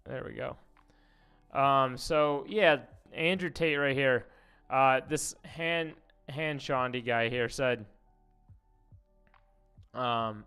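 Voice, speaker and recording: Smooth-voiced rambling male streamer. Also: mid-range voice, expressive, measured pace, pauses often, a bit bright, soft background music. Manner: rambling, swears, reads posts aloud. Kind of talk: casual commentary livestream.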